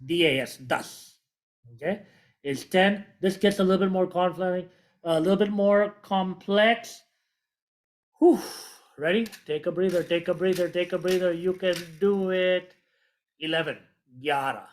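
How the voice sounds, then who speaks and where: A man's voice: high-pitched, unhurried. A man teaching vocabulary in a casual lesson, repeating each word and spelling it out letter by letter, patient and encouraging. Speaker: language teacher.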